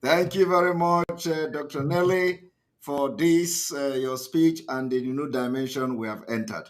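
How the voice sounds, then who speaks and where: A man's voice: on the high side, measured pace. Man hosting a live call-in radio show. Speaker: radio host.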